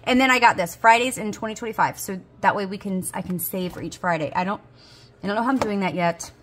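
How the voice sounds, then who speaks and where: A woman's voice: mid-range voice, fast, a bit bright, a little hiss or hum. A woman, chatting casually as she unboxes budgeting supplies, gasping and gushing. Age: 40s. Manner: gushing, gasps and squeals with delight. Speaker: budgeting video host.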